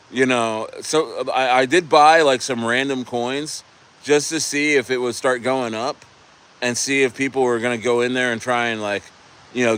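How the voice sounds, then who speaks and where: A man's voice: mid-range voice, a bit bright, clean tone. A man chatting casually on a live stream about crypto, rambling, restarting his words and swearing often.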